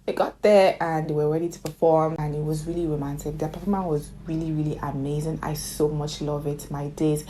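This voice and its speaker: A woman's voice: deep voice, steady tone, a little fast, hardly any pauses, mellow, slight background noise. A woman casually recapping a romantic movie for her viewers, chatty and gushing, breaking into sudden squealed exclamations.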